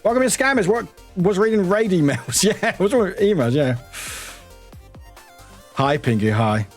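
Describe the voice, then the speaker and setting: Lively husky male streamer. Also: high voice, normal speed, faint music behind. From United Kingdom. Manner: lively, swears freely, answers chat aloud. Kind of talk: casual chat reading live chat.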